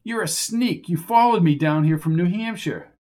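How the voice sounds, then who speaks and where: A man's voice: high voice, normal speed, warm tone, voice pushed up, lightly acted. Man voicing a determined male investigator, blunt, impatient, insistent, audiobook. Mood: exasperated. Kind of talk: audiobook character voice.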